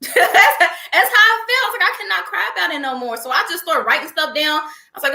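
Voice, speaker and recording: A young woman, a guest, chatting in an interview with an animated storytelling manner. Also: very high-pitched, fast, creaky, reverberant. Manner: animated storyteller, laughs often. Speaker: guest, entrepreneur. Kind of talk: casual interview chat.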